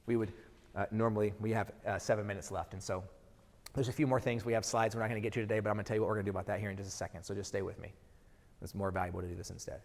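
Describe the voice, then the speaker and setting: A middle-aged man delivers a motivational keynote at a rapid clip, pressing the crowd with question after question. His voice carries a long hall reverb from a live event stage. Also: lowish voice. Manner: energetic, asks the audience rhetorical questions. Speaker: keynote speaker.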